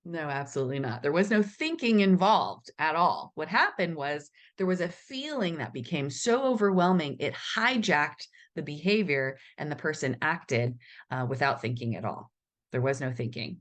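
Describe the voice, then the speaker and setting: Woman presenter, low voice, questioning listeners. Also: expressive, normal speed. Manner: asks the audience questions, acts out inner voices. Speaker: webinar presenter. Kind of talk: teaching talk. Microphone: video call mic.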